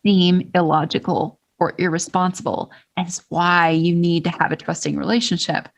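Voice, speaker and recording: A woman's voice: lowish voice, fairly even intonation, moderate pace, gravelly. Thoughtful woman explaining ideas on a podcast. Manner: thoughtful, explains ideas with frequent restarts and emphasis. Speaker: podcast co-host. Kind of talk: casual podcast conversation.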